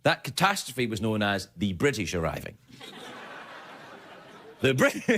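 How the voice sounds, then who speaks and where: A man's voice: on the low side, big pitch swings, a little slow, fairly bright tone, a little hiss or hum. A middle-aged man from Glasgow, Scotland, with a Scottish accent, delivering a rambling late-night comic monologue and laughing at his own jokes. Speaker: late-night talk show host.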